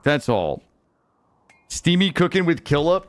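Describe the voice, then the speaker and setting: A man's voice: a little high, sing-song, measured pace, no room sound. A young man streaming a game, chatting playfully with his viewers and swearing casually. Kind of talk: casual gaming stream chat.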